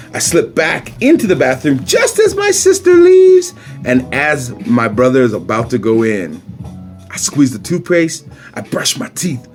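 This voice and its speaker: A man with a Caribbean accent reading his own children's picture book aloud, playful and breaking off to comment on the pictures. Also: mid-range voice.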